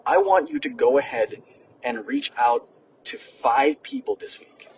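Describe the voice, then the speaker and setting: A young man hosting a podcast and giving a lively motivational monologue, speaking straight to his listeners. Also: mid-range voice, a little slow, lo-fi sound. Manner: energetic, addresses listeners directly. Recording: distant mic with background noise, poor audio.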